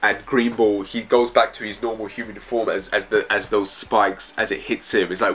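A man's voice: on the low side, steady tone, moderate pace, fairly bright tone, husky. A man reviewing manga chapters in casual commentary, reading panels aloud in loose, slangy phrasing.

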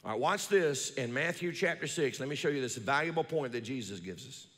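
Man preaching in a reverberant church. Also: lively intonation. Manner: preaching with call-and-response to the congregation, reading scripture slowly; swings from loud high emphasis to low quiet asides. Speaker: pastor. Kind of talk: sermon. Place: church sanctuary. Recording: long reverb of a large church.

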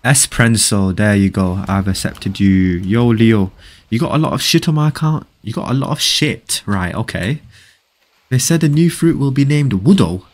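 A man streaming a game live, chatting casually with viewers, excitable and often repeating phrases as he reads chat aloud. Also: fairly low pitch, moderate pace.

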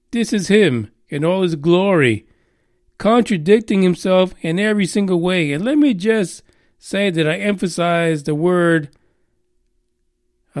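A high-voiced man rants through a podcast monologue, swearing freely and sarcastic, full of ums and restarts. His voice sounds close and dry, with no room around it. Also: a little mellow, no room sound. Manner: profane, sarcastic, rambling with many fillers. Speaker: podcast host.

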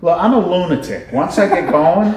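Animated slangy man in an echoey room. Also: sits high, moderate pace, very noisy. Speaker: guest, business owner. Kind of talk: casual interview chat.

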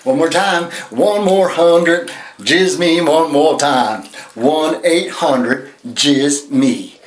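A man playing a flamboyant male infomercial pitchman with over-the-top sales patter, recorded in an echoey room. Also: slow. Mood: hyped.

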